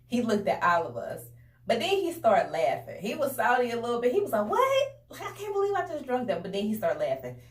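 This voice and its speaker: A young woman telling a casual storytime to her viewers in a chatty, animated way, often calling them y'all. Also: on the low side. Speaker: vlogger. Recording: roomy echo, a bit distant from the mic.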